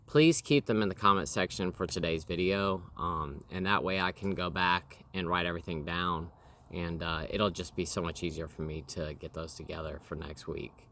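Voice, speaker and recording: A man's voice: low voice, moderate pace, pushed and bright, slight background noise. A man in his thirties hosting a casual home interview with his wife, rambling with lots of fillers and restarts.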